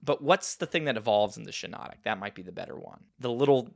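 A man co-hosting a podcast, chatting casually and excitably as he plays a trivia game, laughing often. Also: medium pitch, quick pace, creaky, a crowd in the background. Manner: excitable, laughs loudly, jokey. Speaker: podcast co-host. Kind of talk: casual chat while playing a trivia game.

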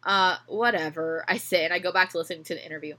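A woman's voice: fairly low pitch, quick pace, bright, forceful tone. A young woman hosting a podcast, reading fan fiction aloud and breaking off to joke and laugh. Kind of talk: comedic reading with chat.

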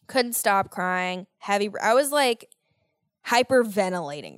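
A young American woman hosts her own podcast, telling a story in a loose, chatty monologue. She swears often and rants with exasperated energy. Her voice sits at an ordinary pitch, recorded close and dry with almost no room sound. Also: unhurried, clean tone, dry recording. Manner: profane, animated, exasperated ranting. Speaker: podcast host.

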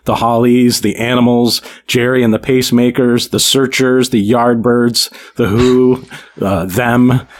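A man's voice: medium pitch, level tone, unhurried. A man co-hosting a casual music podcast, reeling off names with frequent fillers. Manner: reads lists with fillers and small laughs. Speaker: podcast co-host.

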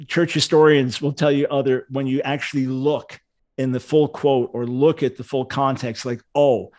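A man's voice: medium pitch, flat delivery, normal speed. An older man, a Bible scholar, explaining his view earnestly in a casual livestream discussion.

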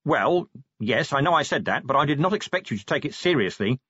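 A man doing a weary, gruff city watch commander. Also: medium pitch, lively intonation, brisk, a bit bright, dry recording, highs cut off, voice pushed up. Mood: dry, weary. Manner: dry, blunt and weary. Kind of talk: audiobook character voice.

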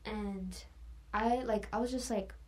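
A woman's voice: medium pitch, fairly even intonation, measured pace, a little mellow. A woman guest in a casual chat, talking in a chatty way with many fillers and sometimes dropping to a whisper.

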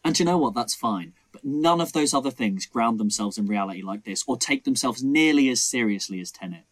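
A man's voice: medium pitch, animated, fairly quick. A young man co-hosting a casual film debate podcast, who acts out scenes in mocking voices. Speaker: podcast co-host.

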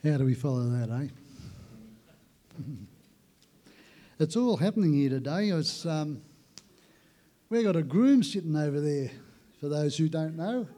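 A man's voice: fairly high pitch, animated, measured pace, pauses often, mellow. A man, a pastor, joking easily with the congregation before his sermon. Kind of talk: sermon introduction.

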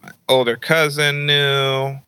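A young man with a bright, forceful voice tells a story from his youth on a podcast. He talks casually and jumps into animated, high squeaky impressions of the women in his family. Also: slow pace, smooth, dry recording, rough recording. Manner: animated, acts out high-pitched voices of his mom and grandma. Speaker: podcast host.

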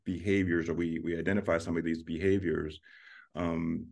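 A man's voice: low-pitched, little pitch movement, normal speed, vocal fry, a little mellow. A man hosting an interview, asking thoughtful questions and thanking his guest. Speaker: podcast host. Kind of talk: interview conversation.

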